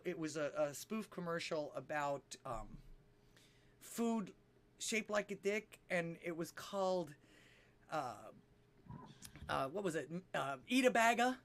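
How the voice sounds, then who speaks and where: High, bright-voiced man rambling casually. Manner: rambling, laughs often, acts out voices in jokes. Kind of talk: casual chat and joke telling.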